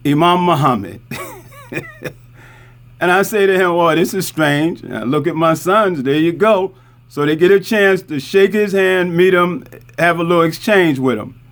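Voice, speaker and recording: High-voiced middle-aged imam, chatty. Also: male voice, fairly bright tone. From Newark, New Jersey. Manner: conversational, repeats points, asks "right?" often. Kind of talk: community talk with show-and-tell.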